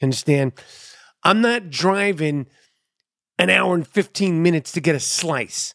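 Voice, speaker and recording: A man's voice: fairly high pitch, measured pace, gravelly, a bit bright, dry recording, clean studio sound. A middle-aged man hosting a podcast, rambling in a loose, profane, streetwise monologue. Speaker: podcast host. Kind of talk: casual monologue.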